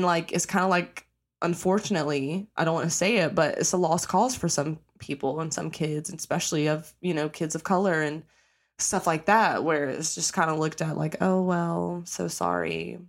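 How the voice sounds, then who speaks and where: Young woman podcaster, lowish voice, casual rambling, cusses a lot, gets loud and squeaky acting stuff out. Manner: animated, profane, acts out quotes with sudden pitch jumps. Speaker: podcast host. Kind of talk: casual chat.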